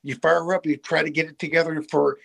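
A man's voice: on the high side, little pitch movement, a little fast, vocal fry, fairly bright tone. A man calling in to a sports radio show, eager and earnest, who keeps addressing the host by name. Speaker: caller. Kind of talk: call-in sports talk.

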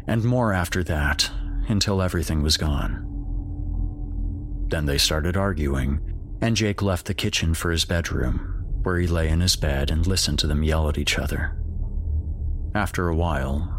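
Deep-voiced man narrating horror. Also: a little hiss or hum. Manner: measured, grave storytelling. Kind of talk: scripted horror story narration.

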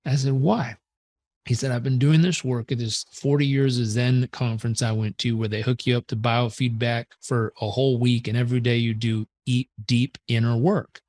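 A man, a performance coach telling a story as a podcast guest in an earnest, animated way that swears casually. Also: mid-range voice, fairly quick, hardly any pauses.

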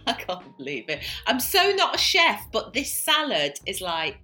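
A woman's voice: medium pitch, wildly swooping pitch, normal speed, bright, forceful tone, faint music behind. A middle-aged woman co-hosting a podcast, bantering in a teasing way. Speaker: podcast co-host. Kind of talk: casual chat.

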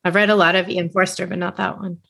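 Quick-talking low-voiced woman co-host. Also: level tone, vocal fry, a bit bright. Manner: quick, responsive listener with short replies. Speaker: podcast co-host. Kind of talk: casual chat.

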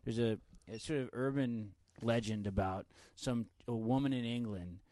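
A man, a stand-up comedian, telling stories in a podcast chat with heavy swearing and loud acted-out quotes. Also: medium pitch, moderate pace, no room sound. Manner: animated, profane, acts out quotes loudly.

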